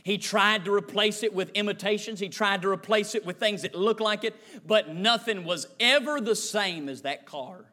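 A preacher with a high, bright, forceful voice telling a sermon story. He builds rhythm through repeated phrases. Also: moderate pace, few pauses. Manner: repetitive, rhythmic cadence.

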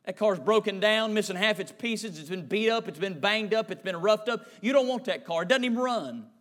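A man's voice: high voice, expressive, a little fast, a bit bright. A man voicing a blunt junkyard owner who repeatedly talks a buyer out of a wreck. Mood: dismissive. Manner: dismissive, repetitive.

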